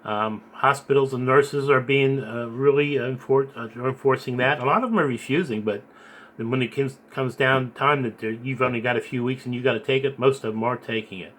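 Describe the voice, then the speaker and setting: A man earnestly recounting a dream and preaching in a rambling, halting way, repeating his words. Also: medium pitch, a bit bright. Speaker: video blogger recounting a dream. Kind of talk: earnest spoken storytelling and preaching.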